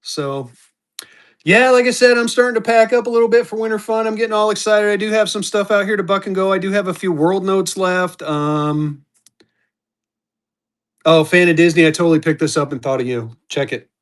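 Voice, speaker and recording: A man's voice: high-pitched, fairly quick. A man hosting a live-stream auction, rambling casually and talking straight to his viewers. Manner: rambling and chatty, restarts, talks to viewers by name. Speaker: host of a live online auction.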